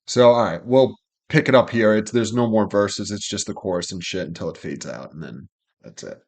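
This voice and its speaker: A man's voice: fairly low pitch, fairly quick, darkish tone, breathy edge. A man hosting a music reaction, casually explaining song lyrics in an earnest way, with lots of fillers.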